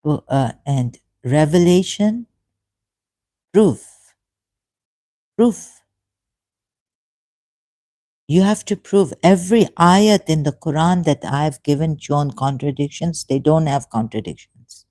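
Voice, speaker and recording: Here the religious commentator's dark, mellow tone comes through fairly high in pitch, recorded dry with no room sound. He pleads earnestly to camera in an emotional monologue, halting often with restarts and fillers.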